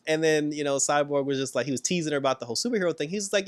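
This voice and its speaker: A man casually recapping and reviewing a TV episode, animated, laughing often and acting out the characters' lines. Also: fairly high pitch, racing, hardly any pauses, no echo.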